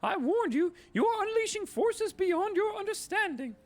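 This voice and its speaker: Brief: man putting on a high, flustered woman shopkeeper, nervous and superstitious, pleading, shrill, swoops around a lot. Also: lively intonation, normal speed. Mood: frantic. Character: nervous superstitious female bookshop owner.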